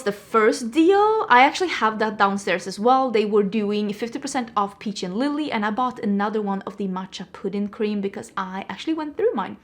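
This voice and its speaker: A woman vlogger chatting casually about products, rambling with frank opinions, her voice a little stuffy from allergies. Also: medium pitch. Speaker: beauty vlogger. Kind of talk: casual product review chat. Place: indoors at home.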